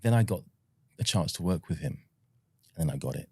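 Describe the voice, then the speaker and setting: A middle-aged British actor with a received pronunciation accent, talking softly and thoughtfully in a relaxed interview, often pausing with ums. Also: male voice, low-pitched, husky, no room sound. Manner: soft-spoken and reflective, pauses with ums and uhs. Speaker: actor, guest.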